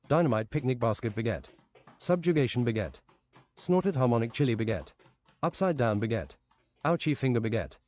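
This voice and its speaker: A male streamer reading out a long list of absurd phrases in a deadpan, rhythmic way, close to a desk microphone. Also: medium pitch, no echo.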